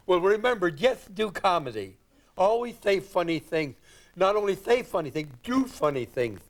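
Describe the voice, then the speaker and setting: Brief: older male comedian, rambling anecdotal storyteller, lightly high voice. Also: a little mellow. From Indiana, United States. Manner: rambling and chuckling, acts out quotes. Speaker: guest comedian. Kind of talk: anecdotal talk-show storytelling.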